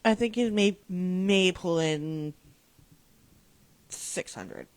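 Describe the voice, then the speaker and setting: A person making hesitant, quiet guesses in conversation. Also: medium pitch, extremely slow.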